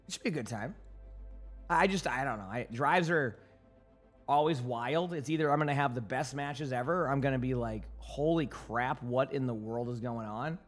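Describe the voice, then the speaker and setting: A young man streaming and chatting casually with viewers, slightly hoarse from commentating, rambling along with fillers and restarts. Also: on the high side. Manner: relaxed and rambling, answering chat questions with fillers and restarts. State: yawning, sleepy.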